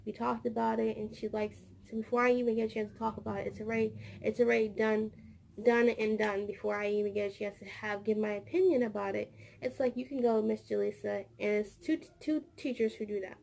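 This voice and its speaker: A woman vlogger who works as a childcare teacher tells a rambling story about her workday in a casual storytelling vlog. Her voice is medium-pitched, creaky, and darkish in tone, with fairly even intonation and a fairly quick pace. She repeats words and acts out the dialogue of the people she quotes.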